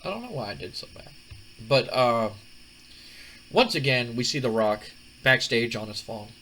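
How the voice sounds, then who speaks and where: A man hosts a casual gaming video, recapping wrestling-sim results in a loose, rambling way with lots of restarts. His voice is mid-pitched and ordinary, and a faint background hiss sits under it. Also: sing-song, moderate pace, pushed and bright, poor audio. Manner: rambling, many fillers and restarts. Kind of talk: casual game commentary.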